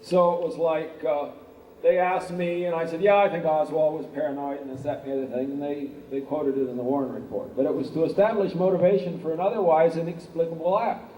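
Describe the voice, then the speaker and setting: A man's voice: fairly high pitch, steady tone, a little fast, highs cut off, slight background noise. A man from California giving a conference talk, telling anecdotes in a rambling, conversational way with lots of "uh.". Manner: rambling, conversational, with frequent "uh" and "he says". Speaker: guest speaker. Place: hotel conference room. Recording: roomy hall recorded from a distance with faint ambience.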